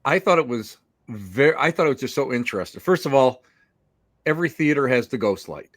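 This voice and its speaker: A man's voice: mid-range voice, lively intonation, brisk, a bit bright, no echo, clean studio sound. Reflective male podcast host. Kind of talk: casual interview chat.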